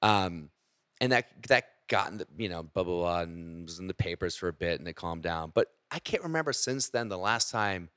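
A man, a stand-up comedian, telling stories in casual podcast chat, with a slight gravel from a cold and a profane, animated manner. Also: low-pitched, moderate pace, dry recording, clean studio sound.

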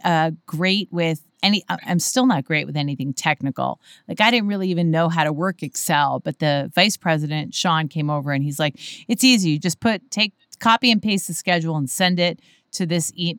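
A woman telling animated, laughing stories in casual chat, acting out what people said. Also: on the low side, dry recording, studio quality. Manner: animated storyteller, acts out quotes, laughs often. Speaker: comedy club manager, podcast guest.

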